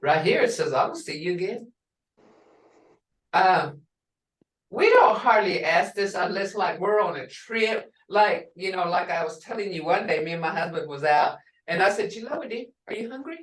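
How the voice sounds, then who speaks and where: A middle-aged woman teaching a language class online, explaining slowly and repeating words for her learners. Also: on the low side, animated. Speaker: language instructor. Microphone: video call. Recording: roomy and distant video call audio.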